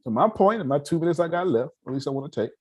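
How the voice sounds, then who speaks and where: A man's voice: a little high, animated, racing, a little mellow, husky. A man giving a folksy, preachy motivational talk to a live audience, often turning to his listeners directly. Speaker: motivational speaker.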